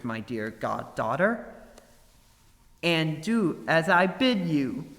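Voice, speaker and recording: A man voicing an elderly fairy godmother, kindly and croaking, in a storybook reading. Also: on the high side, fairly bright tone, long reverb tail, exaggerated voice.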